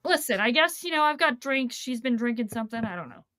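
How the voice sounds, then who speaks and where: A woman chatting casually, animated and playful, often correcting herself as she talks. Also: a little high, quick pace, dry recording. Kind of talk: casual chat.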